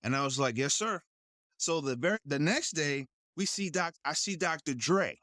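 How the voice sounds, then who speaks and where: Recorded dry with studio quality, a man whose voice runs on the high side talks at normal speed. He's a guest actor spinning a story in casual conversation, animatedly performing quoted voices and laughing a lot.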